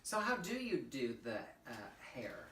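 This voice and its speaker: A woman's voice: rumbling low, sing-song, measured pace, slight background noise. A woman co-hosting a casual, joking chat in an art studio. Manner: playful, joking. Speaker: co-host. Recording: roomy, distant mic.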